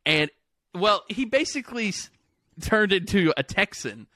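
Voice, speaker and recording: A man with a high, bright voice tells stories in a casual chat. His pitch swoops widely as he slips into voices, and the room sounds dry and close. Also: unhurried, no echo. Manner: animated storyteller who slips into voices and laughs often.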